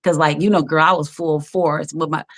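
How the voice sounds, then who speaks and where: A woman with a somewhat low voice talks as a guest on a live-streamed video call. She tells her stories in an animated way, full of laughs and fillers. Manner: animated storyteller, quick to laugh, many fillers. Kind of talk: casual interview over a live stream.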